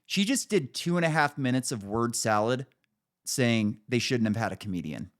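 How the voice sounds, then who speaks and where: A man's voice: mid-range voice, lively intonation, normal speed. A middle-aged man hosting a podcast, talking in crude, mocking casual chat. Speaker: podcast host.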